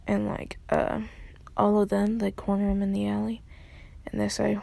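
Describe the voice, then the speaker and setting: A woman's voice: mid-range voice, completely flat delivery, normal speed, gravelly, mellow. A woman casually improvising a fan story, rambling with many fillers and restarts.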